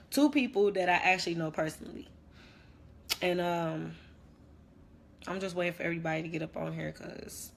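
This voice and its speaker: A woman's voice: lowish voice, slight background noise, close to an everyday voice. A young woman playing a dramatic ex-best friend who rambles through a slangy, repetitive rant on a phone livestream. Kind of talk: comedic social media live rant.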